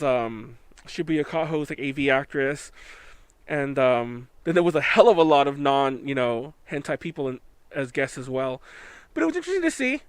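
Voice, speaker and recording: A man with a Californian accent hosts a live podcast, chatting casually and rambling with plenty of fillers and restarts. His voice is fairly high and clean, with no room sound.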